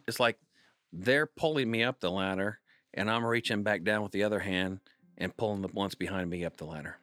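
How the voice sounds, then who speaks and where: A man in his thirties telling family stories in a casual interview, animated and full of jokes. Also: lowish voice, a little fast, no echo, faint music behind. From Kansas, United States. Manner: animated, jokey storyteller. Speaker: singer-songwriter guest.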